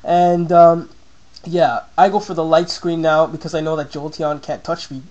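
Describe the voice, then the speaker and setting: A young man talks through a game battle he played, in loose, casual commentary. His voice sits a little high for a man, and he keeps jumping up into excited, squeaky asides when he quotes his own reactions. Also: normal speed, muffled recording.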